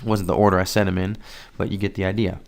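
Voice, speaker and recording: A man with a low, gravelly yet smooth voice gives a casual Spanish lesson. He explains pronunciation in an easygoing way, then models each word slowly for the listener to repeat. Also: little pitch movement. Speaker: Spanish teacher. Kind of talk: casual spoken language lesson.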